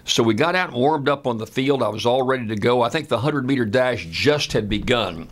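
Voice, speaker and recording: Speaking with a medium pitch, a man in his 70s from the United States relates a personal story in a relaxed, conversational manner. He uses "uh" fillers frequently.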